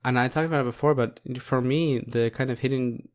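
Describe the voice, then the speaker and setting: A man's voice: medium pitch, fairly even intonation, fairly quick. A man co-hosting a podcast in casual chat, rambling with many fillers and frequent laughs. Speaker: podcast co-host.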